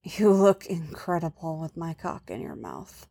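A woman voicing a hardened male bounty hunter in an audio story, speaking his lines low and hushed. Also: very animated, a little slow, gravelly, exaggerated voice.

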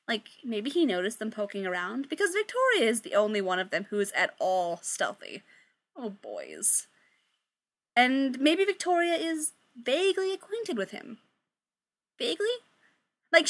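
A woman's voice: on the high side, a bit bright. A woman reading a story aloud in a chatty way, swearing and breaking off for joking asides. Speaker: story reader. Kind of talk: reading fan fiction aloud.

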